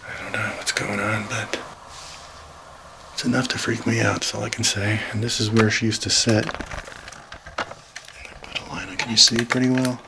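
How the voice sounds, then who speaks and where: Nervous low gravelly man ghost hunting. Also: little pitch movement, moderate pace, noisy background. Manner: nervous, calls out to spirits, drops to hushed whispers. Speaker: paranormal vlogger. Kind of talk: solo ghost-hunting video diary. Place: inside a house, alone.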